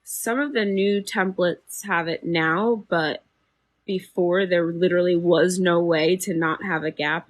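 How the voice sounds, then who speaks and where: A woman hosting a live spiritual healing stream, guiding breathing and chatting in a soft, meandering way with many fillers. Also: lowish voice. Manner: slow, soft and soothing when guiding, chatty with fillers and laughs otherwise. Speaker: livestream spiritual healer. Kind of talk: guided meditation and casual live chat.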